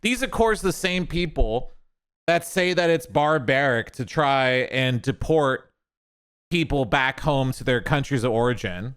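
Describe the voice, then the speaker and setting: A man's voice: medium pitch, lively intonation, unhurried, a bit bright, clear, resonant tone, no echo, clean studio sound. A man ranting on a streamed commentary show in a sarcastic, angry, profane way.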